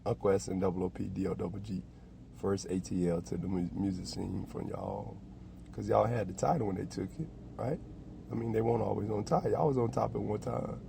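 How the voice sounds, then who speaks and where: A man with a low, gravelly voice hosts a solo podcast as a rambling comedic monologue. His storytelling is animated and full of swearing. A faint hiss sits under the recording. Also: fairly quick. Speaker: host.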